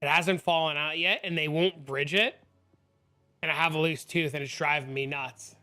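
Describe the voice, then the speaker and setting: A man streaming a game live, chatting casually with viewers, answering chat and telling animated stories, on a desk microphone at home. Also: on the high side, normal speed, faint music behind.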